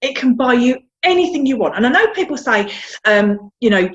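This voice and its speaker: A woman's voice: a little high, expressive, fairly quick, highs cut off. Chatty South London woman, frank. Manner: chatty, frank, self-deprecating, repeats words. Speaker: guest. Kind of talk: candid interview chat.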